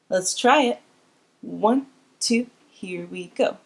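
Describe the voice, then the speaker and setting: A woman's voice: mid-range voice, animated, a little slow. A woman teaching a beginner string class, explaining bowing and counting students in with encouragement. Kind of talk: instrument lesson. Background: instrument playing.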